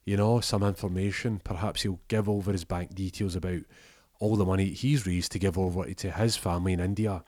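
A man tells a rambling comic story and keeps jumping into the voices of his characters. His voice sits very low. The sound is dry and close, with no room around it. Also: steady tone, a little mellow, no echo. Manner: rambling, acts out characters in quick bursts. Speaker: comedian telling a story.

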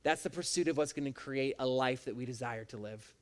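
A man's voice: medium pitch, brisk, few pauses. A man preaching a sermon as a pastor, with an emphatic, repetitive cadence.

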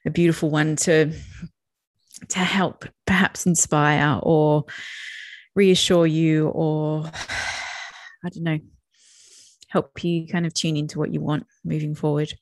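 A woman's voice: low voice, flat delivery, slow, pauses often, no echo, studio quality. A middle-aged woman, co-hosting a podcast and talking candidly and reflectively about her feelings. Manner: warm, reflective, open about feelings, laughs often. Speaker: podcast co-host. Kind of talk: casual chat.

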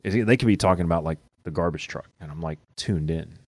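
A man co-hosts a podcast, chatting casually and rambling with plenty of filler words. His voice sits low and moves at a quick pace, with no room sound.

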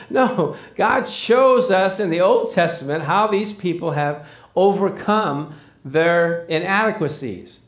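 A man's voice: high-pitched, animated, measured pace, reverberant. A man preaching a sermon to a congregation, telling stories and acting out the dialogue, building up to emphatic points. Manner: storytelling with acted dialogue, rising emphasis. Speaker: pastor.

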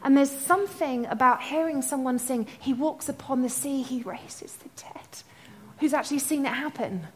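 High-voiced woman preaching with passion. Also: brisk, hardly any pauses. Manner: passionate storytelling, sings snatches of worship songs; builds to loud, impassioned proclaiming. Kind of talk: sermon.

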